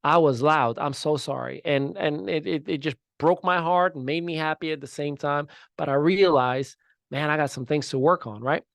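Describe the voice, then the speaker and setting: A man in his thirties hosting a podcast, giving an emphatic motivational talk that swings from loud to soft. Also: a little high, fairly even intonation, moderate pace, gravelly, dry recording, clean studio sound. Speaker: podcast host.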